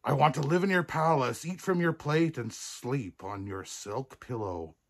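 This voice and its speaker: A man voicing a croaky, demanding male frog in a fairy tale. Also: mid-range voice, unhurried. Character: pushy male frog, later a prince.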